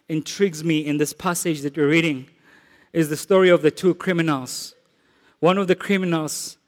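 A man with a South African accent preaching a sermon, earnest and rising to emphatic declarations. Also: high-pitched. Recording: echoey hall with long reverb.

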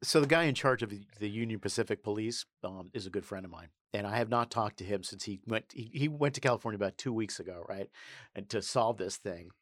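A man co-hosting a casual political chat, wry and mocking, with many pauses and ums. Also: fairly low pitch, dry recording, clean studio sound. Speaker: podcast co-host.

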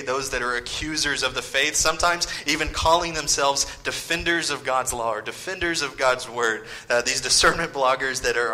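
Bright-voiced male pastor preaching. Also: medium pitch, poor audio. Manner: dramatic swings from loud to whispered asides; mocking rhetorical questions in the voice of opponents. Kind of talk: sermon.

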